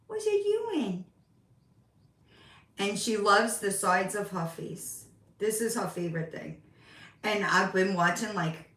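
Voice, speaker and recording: A middle-aged woman talks her way through a relaxed home live stream, unhurried and meandering. Her voice sits back from the microphone, and the room around her rings with echo. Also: mid-range voice, recorded from a distance. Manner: chatty, rambling, talks to her cats in baby voice. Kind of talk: casual live-stream chat. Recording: roomy sound, voice off from the mic.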